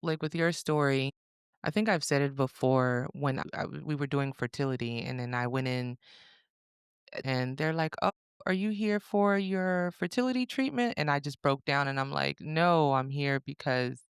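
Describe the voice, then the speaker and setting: A woman from Africa co-hosting a podcast, telling personal stories in a candid, animated way. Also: rumbling low, moderate pace, smooth, no room sound, studio quality. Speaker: podcast co-host. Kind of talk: casual podcast chat.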